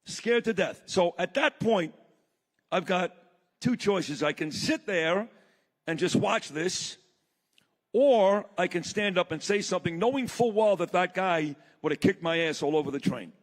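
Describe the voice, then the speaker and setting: A man's voice: high voice, animated, unhurried. A man giving a blunt, impassioned speech to a live audience, telling a story from the stage. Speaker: summit speaker. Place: large hall. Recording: long reverb of a large hall.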